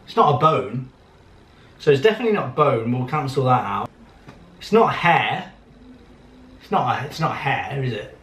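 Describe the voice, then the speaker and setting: A man's voice: medium pitch, sing-song, moderate pace, pauses often, fairly bright tone, echoey room. Joking man vlogging at home. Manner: joking, thinks aloud. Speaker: vlogger co-host. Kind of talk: casual chat. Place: home bedroom.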